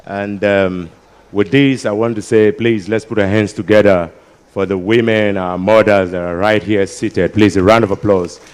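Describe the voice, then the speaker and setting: Joking Nigerian man working a crowd. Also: lowish voice. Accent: Nigerian Pidgin-inflected English. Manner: jokey, switching into Pidgin, drawing applause. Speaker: comedian emcee at a ceremony. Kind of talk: live stand-up banter with crowd.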